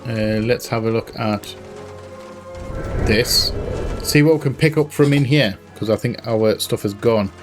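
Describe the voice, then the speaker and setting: A man gives casual commentary as he plays through a hidden-object game. He is chatty and teases himself, thinking out loud in a mid-range voice. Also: medium pitch, unhurried, long pauses, music in the background. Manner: chatty, self-mocking, thinks aloud. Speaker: game streamer. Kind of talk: casual let's-play commentary.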